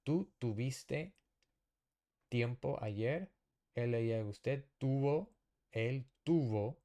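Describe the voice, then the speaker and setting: A man teaching a casual lesson at a whiteboard, explaining slowly and patiently, often checking with "okay?". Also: medium pitch, animated, dark tone. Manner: slow, patient explaining with fillers and repeated checks. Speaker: Spanish teacher.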